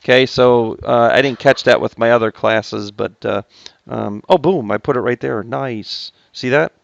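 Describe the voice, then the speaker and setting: A man's voice: mid-range voice, moderate pace, creaky, no echo, muffled recording. A man teaching a math class, chatty and joking with his students between steps. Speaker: high school math teacher. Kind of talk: recorded classroom lesson.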